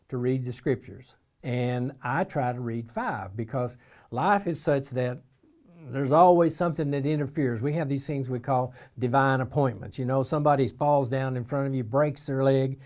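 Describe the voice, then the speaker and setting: A man from eastern Kentucky with an Eastern Kentucky accent, giving an informal devotional talk in a folksy storytelling way. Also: mid-range voice. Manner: folksy storytelling, acts out shouted voices in quotes. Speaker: missionary preacher.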